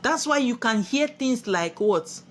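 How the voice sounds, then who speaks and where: Nigerian lady preaching spiritual stuff, kinda high voice, asks "what?" then answers herself. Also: lively intonation, a little slow, a little hiss or hum. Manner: preachy, asks rhetorical questions and answers them. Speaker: spiritual teacher. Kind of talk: spiritual sermon to camera.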